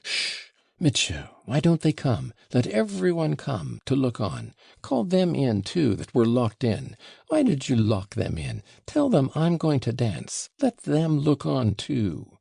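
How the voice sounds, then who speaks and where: A man's voice: mid-range voice, wildly swooping pitch, slow, gravelly, warm tone, slightly rough, no room sound, clean studio sound, voice pushed up, full character voice. A man reading an audiobook and voicing an impulsive young woman who pleads and commands by turns, breathless and imploring. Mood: giddy, commanding. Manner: breathless, imploring, swinging between giddy and faint.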